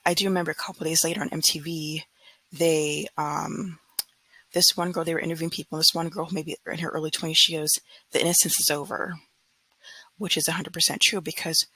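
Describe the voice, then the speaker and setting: A woman's voice: low-pitched, flat delivery, quick pace, pushed and bright, husky, no room sound, low-quality recording. A woman in her thirties from California, talking earnestly and frankly in a casual vlog monologue, often mimicking others in mocking quotes. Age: 30s. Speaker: vlogger.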